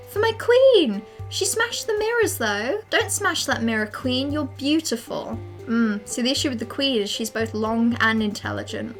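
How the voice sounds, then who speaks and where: A young adult woman giving excitable, dramatic let's play commentary as a streamer, swearing often. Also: on the high side.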